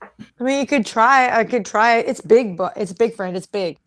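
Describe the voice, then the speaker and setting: A woman with a slightly high voice co-hosts a live call-in show. She teases her co-host and giggles through the banter. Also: normal speed.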